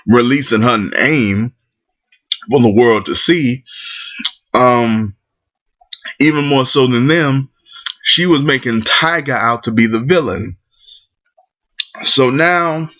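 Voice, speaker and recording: A man's voice: medium pitch, fairly bright tone. A man ranting in commentary, blunt and profane, restarting his sentences often. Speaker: vlogger. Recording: dull lo-fi recording.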